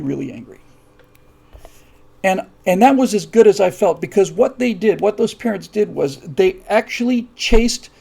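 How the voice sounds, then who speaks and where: Man, show host, high voice, gravelly, monologue storytelling, repeats words for emphasis. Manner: storytelling, builds from quiet asides to heated emphasis; many fillers and restarts, repeats words for emphasis.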